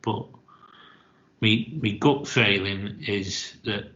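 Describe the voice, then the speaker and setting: A man's voice: lowish voice, very slow, a bit bright, dull audio. A man on a racing panel, terse and to the point. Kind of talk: casual racing tipster chat.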